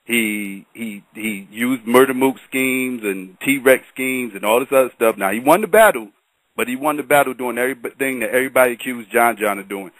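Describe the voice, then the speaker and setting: A man giving measured opinions in a casual panel chat, often hedging with "in my opinion.". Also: medium pitch, a bit bright, dry recording, poor audio. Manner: measured, repeats "in my personal opinion". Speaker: battle rap commentator.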